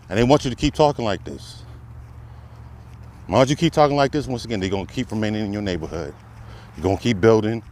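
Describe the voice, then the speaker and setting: On the low side with a darkish tone, a male commentator preaches in a passionate monologue. Again and again he poses rhetorical questions, each building to an emphatic high point.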